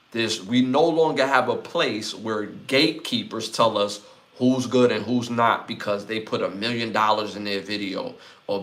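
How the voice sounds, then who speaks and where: A man with a Brooklyn accent hosts a live podcast in a relaxed, chatty way. His voice sits fairly low, and he keeps reading chat comments and shouting out viewers. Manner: laid-back, reads chat comments aloud, gives shout-outs. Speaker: podcast host.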